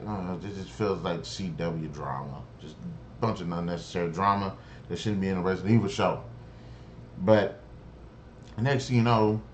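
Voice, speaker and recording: A man's voice: deep voice, slight background noise. A man giving a rambling, profane, exasperated spoken review of a TV episode, with lots of restarts. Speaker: show reviewer.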